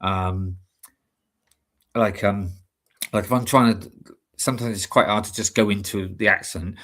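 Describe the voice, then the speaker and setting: A man's voice: fairly low pitch, fairly even intonation, unhurried, fairly bright tone. A man co-hosting a live stream in casual chat, rambling and chatty and often laughing.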